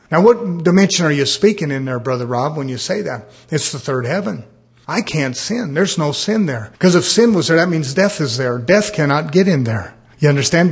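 A man in his fifties preaching a sermon, asking rhetorical questions and calling for amens. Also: fairly high pitch. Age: 50s. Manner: animated preaching, rhetorical questions, calls of amen.

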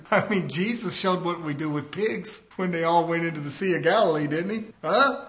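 A man preaching a fiery sermon, rising to shouts and dropping low. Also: moderate pace.

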